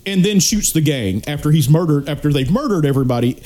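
Man, slightly high pitch, stop-start speech, casual movie recap. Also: animated, dark tone. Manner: halting, restarts often. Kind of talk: casual movie review chat.

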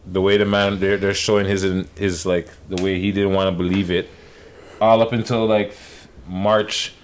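A man's voice: low voice, level tone, normal speed, clear, resonant tone. A man co-hosting a casual podcast, joking and swearing, who often acts out the people he quotes in put-on voices. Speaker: podcast co-host. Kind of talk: casual banter.

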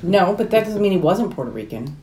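Female co-host, playful banter, expressive delivery, roomy recording. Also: lowish voice, crowd noise. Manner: teasing, quick banter. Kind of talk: casual movie podcast chat.

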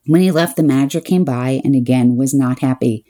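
Low, mellow woman telling a wry story. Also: brisk. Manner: wry, exasperated, deadpan asides. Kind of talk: first-person comic storytelling.

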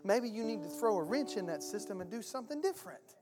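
A man's voice: high-pitched, lively intonation, quick pace. Male pastor, colloquial and impassioned sermon delivery, long church-hall reverb, faint guitar behind.

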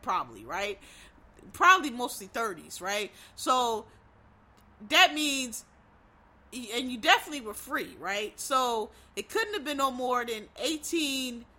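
Blunt, bright-voiced woman vlogger. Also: fairly high pitch. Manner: blunt, profane, emphatic, with rambling asides. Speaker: vlogger reviewing films and shows. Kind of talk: casual opinionated commentary.

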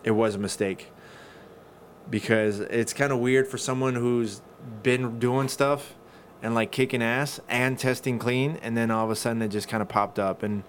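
A man talking casually on a podcast, swearing freely and telling stories in an animated way. His pitch sits in the ordinary middle range for a man. A faint hiss of background noise runs under the voice. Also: moderate pace. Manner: profane, animated storyteller. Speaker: podcast co-host. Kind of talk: casual chat.

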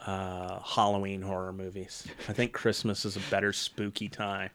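A man chatting casually about movies on a podcast, jokey and animated, his voice jumping up when excited. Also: low voice, moderate pace, a little hiss or hum. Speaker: podcast co-host.

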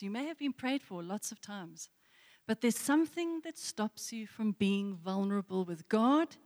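A woman's voice: mid-range voice, a little mellow. A woman preacher delivers a sermon in a mid-range voice, carried by the long reverb of a church hall. She tells her story with repeated rhetorical questions that draw the congregation in.

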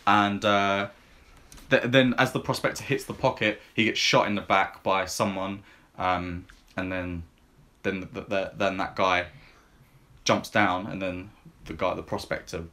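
A fairly low-pitched man chats casually as a podcast co-host, talking through films he has seen. He rambles, leans on ums and likes, and retells scenes in plain everyday language. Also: steady tone, unhurried, bright, forceful tone. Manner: rambling and filler-heavy, lots of ums and likes. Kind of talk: casual chat.

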